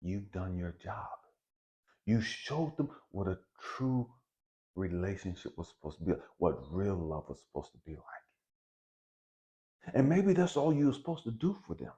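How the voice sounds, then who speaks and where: A man giving a blunt, profane, preachy motivational spiritual talk, swinging between loud emphasis and hushed lines. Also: sits low, sing-song, measured pace, long pauses, muffled recording. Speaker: spiritual video host.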